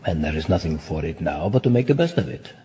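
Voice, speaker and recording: An adult male actor plays a weary, sardonic nobleman damned to hell, using a classic stage-play delivery. His rumbling low voice swings widely in pitch, moving fast with a dark tone.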